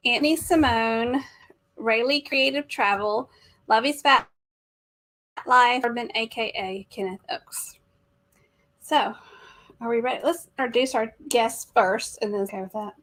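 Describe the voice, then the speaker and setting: A woman hosting a casual travel live stream, upbeat as she runs through plans and shout-outs. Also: on the high side.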